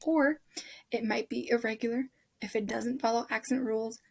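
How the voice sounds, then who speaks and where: A woman's voice: a little high, fairly even intonation, normal speed, vocal fry, breathy edge. A woman teaching a Spanish lesson over a shared screen, chatty and correcting herself as she goes, often checking in with "right?".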